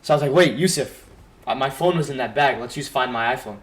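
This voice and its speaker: A young man on a podcast, telling a long story in a loose, rambling way. He fills it with "like" and puts on short bursts of his friends' voices. His voice is middle-pitched and plain. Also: quick pace. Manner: rambling, lots of "like", quoting friends. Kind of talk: casual storytelling.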